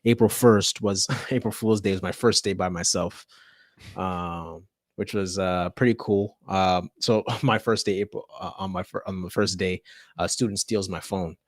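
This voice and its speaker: A man's voice: low voice, fairly even intonation, normal speed, no echo, clean studio sound. A man, a teacher, telling a story in casual chat, laughing often and acting out the people in it.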